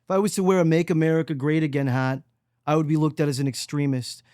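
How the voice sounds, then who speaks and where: A man hosting a solo podcast monologue, preachy and emphatic, swinging between loud mockery and low, quiet intensity. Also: steady tone, quick pace, no room sound, studio quality. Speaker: podcast host.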